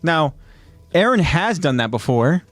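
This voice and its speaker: A man's voice: on the high side, sing-song, measured pace, dry recording, faint music behind. A man co-hosting a casual podcast, retelling scenes step by step and then talking loosely about them. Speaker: podcast co-host. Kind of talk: casual podcast chat recapping an anime episode.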